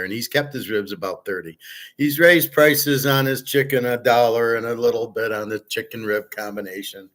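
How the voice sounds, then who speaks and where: A man's voice: medium pitch, normal speed. A man hosting a casual monologue, blunt and opinionated, swearing freely and rambling with fillers. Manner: rambling with fillers, trails off quietly. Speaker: host.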